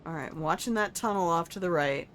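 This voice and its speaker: Slight background noise sits under this older woman's game stream, where she chats playfully with viewers and the game character and pokes fun at herself. She speaks fairly quickly in a lowish, fairly bright voice, full of self-mocking trash talk.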